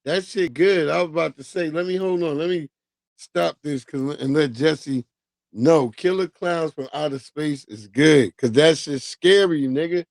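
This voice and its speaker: A man rambles through a casual livestream chat, swearing freely and chasing tangents. His voice sits a touch high, and the desk mic is close and dry with no room sound. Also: measured pace, vocal fry, dry recording. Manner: rambling, profane, goes off on tangents. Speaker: livestream host.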